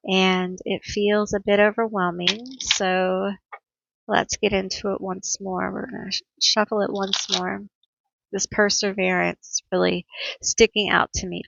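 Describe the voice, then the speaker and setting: A woman's voice: mid-range voice, gravelly, a bit bright, no echo, lo-fi sound. A woman reading tarot cards for her viewers, talking to them directly with empathy. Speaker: tarot reader. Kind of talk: pick-a-card tarot reading.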